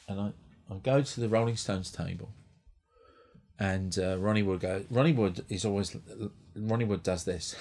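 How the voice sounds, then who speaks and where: A man's voice: deep voice, creaky, darkish tone, slightly rough. A male stand-up comedian telling a rambling, profane anecdote on a comedy club stage, with lots of restarts. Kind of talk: stand-up storytelling.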